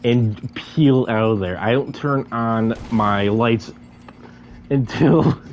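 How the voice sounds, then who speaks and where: A man's voice: medium pitch, slow, a little mellow, muffled recording. A young man casually telling a story about a night out, often stuck repeating syllables before a word comes out. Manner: stammers, repeating syllables many times.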